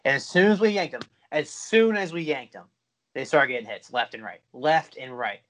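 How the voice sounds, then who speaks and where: A man's voice: medium pitch, normal speed, a bit bright. A man co-hosting a podcast, talking sports in a blunt, emphatic way and swearing freely. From Tampa Bay area, United States. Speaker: podcast co-host. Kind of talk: casual sports chat.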